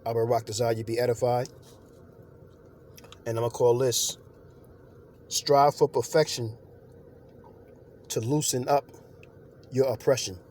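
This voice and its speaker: A man's voice: medium pitch, level tone, measured pace, long pauses, a little mellow, a little hiss or hum. A man giving an informal scripture lesson, talking loosely with fillers and turning emphatic when he preaches. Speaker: religious teacher.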